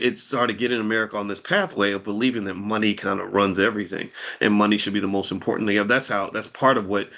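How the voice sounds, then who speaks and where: A man's voice: lowish voice, fairly bright tone. A middle-aged man hosting a casual talk to camera about money and mental health, speaking in a loose, folksy way and often repeating words as he goes. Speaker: host.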